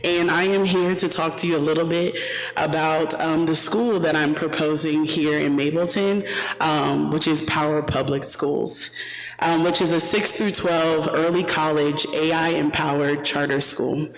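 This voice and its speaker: A man with a fairly high voice stands up to speak during public comment. He sounds upbeat and moves along quickly. The chamber adds a long reverb to his voice. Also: fairly even intonation. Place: council chamber.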